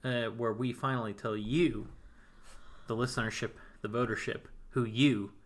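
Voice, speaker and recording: A man's voice: medium pitch, steady tone, normal speed. A man co-hosting a podcast, chatting casually and rambling with many fillers. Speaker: podcast co-host.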